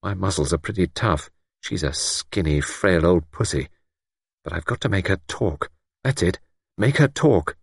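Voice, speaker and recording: Storybook heroine, young woman, sharp and tough, tense inner voice, man voicing her, lively pitch. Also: measured pace, creaky, slightly rough, no room sound, studio quality, full character voice. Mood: tense thinking. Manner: tense inner voice, feigning drowsiness.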